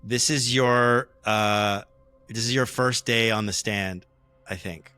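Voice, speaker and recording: Bright-voiced man running a tabletop game. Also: lowish voice, takes it slowly, clear, resonant tone, no echo, soft background music. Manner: relaxed, hesitant, many fillers. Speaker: game master. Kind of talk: explaining rules and narrating a tabletop game.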